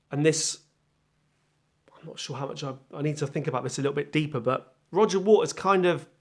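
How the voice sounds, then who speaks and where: Chatty man musing over an album. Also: a little high. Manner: chatty, self-deprecating, thinks aloud with pauses. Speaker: music channel host. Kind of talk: casual first-impression album chat.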